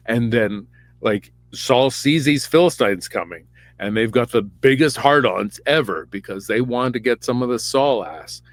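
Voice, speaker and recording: A podcast host retelling a story in a casual, crude, rambling comic manner. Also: male voice, medium pitch, lively intonation, a little slow, no room sound. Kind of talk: comedic storytelling.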